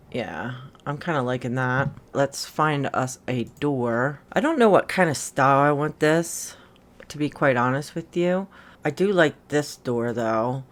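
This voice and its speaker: A woman giving a casual voice-over while building in a game, thinking aloud in an unhurried, musing way. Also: very deep voice.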